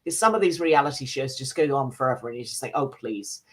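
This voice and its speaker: A British woman reviews television programmes on a radio show, chatty and measured, with many small fillers. Her voice sits low for a woman. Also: lively intonation. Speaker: film and TV critic. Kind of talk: casual review chat.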